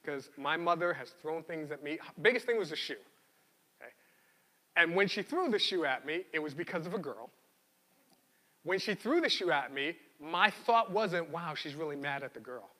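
A man preaching a sermon in an animated, conversational way, often repeating words as he goes. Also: fairly high pitch, normal speed, in a large hall. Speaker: pastor.

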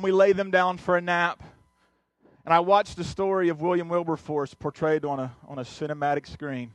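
A man's voice: sits high, fairly even intonation, moderate pace, no echo. A male pastor telling a personal story in a sermon, earnest, often restarting and repeating his words. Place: church sanctuary.

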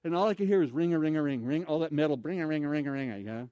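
A man preaching through a story with animated delivery, breaking into loud exclamations and acting out the voices of people he quotes. His voice sits a little high for a man. The sound is dry and close, with no room around it. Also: rapid-fire, smooth, no echo, highs cut off. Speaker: evangelist. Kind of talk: sermon storytelling.

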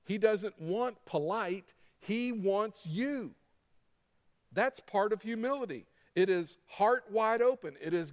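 A middle-aged pastor preaches to his congregation, hammering points home through repetition and acting out little quoted lines. His voice sits high for a man. A long reverb from a large hall trails each phrase. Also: lively intonation, slow pace. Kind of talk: sermon.

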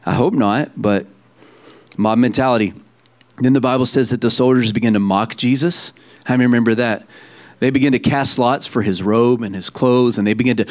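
A middle-aged man preaching a sermon in a conversational way, with frequent restarts and quick asides to the congregation. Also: medium pitch, a little mellow. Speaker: pastor.

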